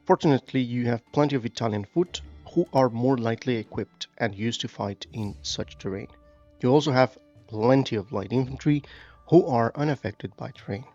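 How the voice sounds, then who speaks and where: A man's voice: mid-range voice, moderate pace, darkish tone, dull audio, faint music behind. A man giving casual commentary on a strategy game, reading tutorial text aloud and musing with fillers. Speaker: gaming YouTuber.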